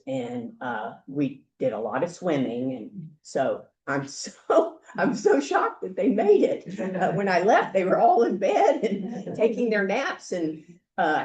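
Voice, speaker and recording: An older woman, a grandmother, hosting a group meeting with chatty, halting welcome remarks. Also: deep voice, warm tone, roomy sound. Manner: chatty, halting, with many fillers. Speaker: meeting host. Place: meeting room.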